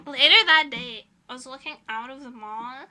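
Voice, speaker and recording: A woman's voice: high voice, normal speed, noisy background. A young woman streamer chatting casually while doing her nails, telling stories with dramatic retellings and lots of laughter. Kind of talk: casual chat while doing nail art.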